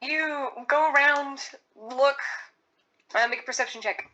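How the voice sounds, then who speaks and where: A woman's voice: sits high, measured pace, bright, forceful tone, highs cut off. A woman narrating a tabletop game as game master, repeating words as she describes scenes.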